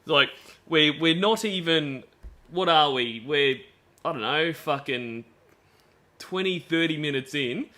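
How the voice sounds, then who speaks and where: A man's voice: on the high side, slow pace, bright, forceful tone. A man giving blunt, profane commentary on a stream, reading out and reacting to chat logs. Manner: blunt, swearing, disgusted.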